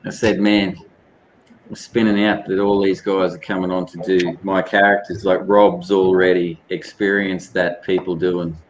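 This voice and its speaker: A man's voice: deep voice, flat delivery, normal speed. Effusive man on a noisy call. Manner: effusive, laughs a lot, jokey. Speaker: comic creator, guest. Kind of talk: casual video chat.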